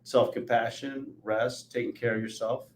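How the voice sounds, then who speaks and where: 40s guy hosting a podcast, storytelling with lots of energy, roomy echo, mid pitch. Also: moderate pace, a little hiss or hum. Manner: animated storyteller, acts out quotes. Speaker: podcast host. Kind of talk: conversational interview. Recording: echoey room.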